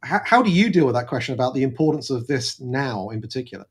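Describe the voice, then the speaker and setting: A husky-voiced man leads an industry panel, firing off questions at a rapid clip. He sounds eager and moves things along briskly. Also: medium pitch, sing-song. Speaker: panel moderator. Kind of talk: panel discussion.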